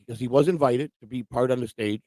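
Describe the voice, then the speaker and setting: A man's voice: medium pitch, quick pace, darkish tone, no room sound. A man hosting a morning livestream, ranting casually with lots of swearing and mocking quotes of other people. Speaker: livestream show host. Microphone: livestream microphone.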